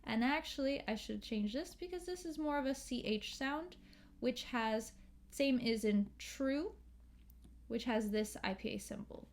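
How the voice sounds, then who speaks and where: Slow, careful American woman teacher. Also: fairly high pitch. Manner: slow, careful, models sounds and sings lines. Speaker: English pronunciation teacher. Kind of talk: pronunciation lesson with sung examples.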